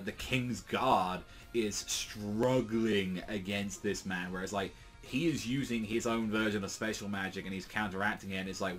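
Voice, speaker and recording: Un homme à la voix grave qui résume en divaguant. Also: male voice, fairly low pitch, a bit bright. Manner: rambling, heavy use of fillers, profane asides. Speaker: manga reviewer. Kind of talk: casual chapter recap.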